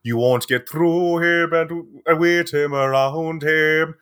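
A man voicing a solemn male priest with a Scottish accent, chanting the mass in a slow sing-song way. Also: fairly high pitch, fairly even intonation, a bit bright, clear, resonant tone, voice pushed up.

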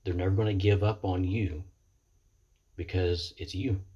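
Deep raspy guy on his webcam, earnest recovery pep talk, keeps restarting sentences. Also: fairly even intonation, warm tone, highs cut off. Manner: earnest, halting, repeats words often. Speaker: person in recovery sharing experience. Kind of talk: reflective motivational monologue. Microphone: computer webcam mic.

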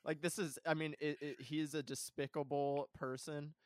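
A man's voice: fairly high pitch, little pitch movement, normal speed, clear, resonant tone, dry recording, clean studio sound. A man chatting casually about a film with a co-host, full of fillers and laughing often. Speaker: podcast co-host.

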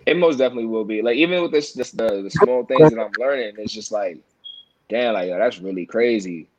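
A man's voice: on the low side, fairly quick, highs cut off, a crowd in the background. A man, chatting casually as a podcast co-host, rambling with lots of fillers and restarts. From New York. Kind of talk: casual chat.

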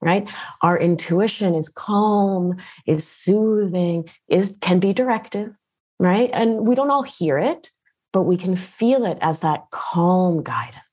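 Husky, lively woman with low voice. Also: takes it slowly. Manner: animated, slangy, tags lines with "right?". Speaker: guest coach on codependency. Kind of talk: casual interview talk.

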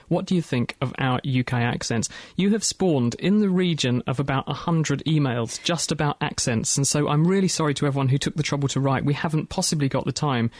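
Fast-talking upbeat male radio host. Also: medium pitch, no echo, clean studio sound. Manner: brisk, chatty, enthusiastic. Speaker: radio science show host. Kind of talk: casual radio presenting. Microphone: studio microphone.

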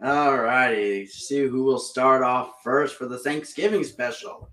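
A man hosting a podcast, moving the show along in a casual, measured way. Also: medium pitch, pushed and bright. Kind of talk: casual chat.

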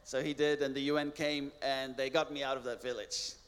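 A man, a missionary guest, telling a personal testimony in an earnest way, with halting restarts. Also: mid-range voice, level tone, a bit bright, clear, resonant tone, in a large hall.

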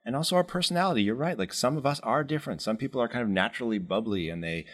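A man in a casual chat, talking in a measured, thoughtful way and gently pushing back. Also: mid-range voice, animated. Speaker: co-host.

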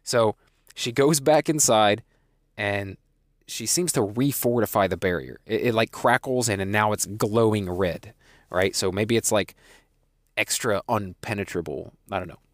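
Male podcast host, chatty recap delivery with restarts, slightly low pitch, dead-dry recording. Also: unhurried, no room sound. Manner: chatty, with frequent restarts and asides. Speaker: podcast host reviewing a TV episode. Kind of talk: casual episode recap.

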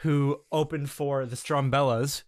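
A man's voice: mid-range voice, steady tone, measured pace, dry recording, clean studio sound. A man co-hosting a casual music podcast, talking in an enthusiastic, rambling way with many restarts and fillers. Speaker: podcast co-host.

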